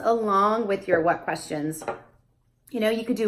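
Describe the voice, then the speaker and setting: A young adult woman, a speech therapist, explaining casually to camera and breaking into high sing-song questions as if to a toddler. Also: moderate pace.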